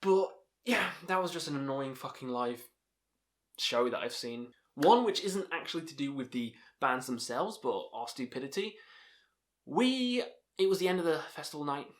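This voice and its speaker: With a fairly high, expressive voice at normal speed, a young man hosting a channel rambles through profanity-laced festival stories and laughs at his own expense.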